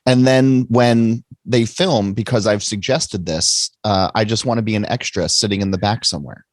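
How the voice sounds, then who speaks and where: A man's voice: on the low side, moderate pace, no room sound. A man hosting a podcast interview, playful and encouraging in casual chat. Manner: playful, encouraging back-channel. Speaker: podcast host.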